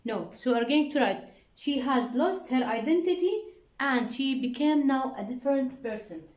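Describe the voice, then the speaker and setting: A woman teaching an English workbook lesson with an Arabic accent, slowly repeating answers and prompting the class with questions. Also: sits high, expressive, darkish tone, roomy sound, low-quality recording. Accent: Arabic-speaking. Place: classroom with a board.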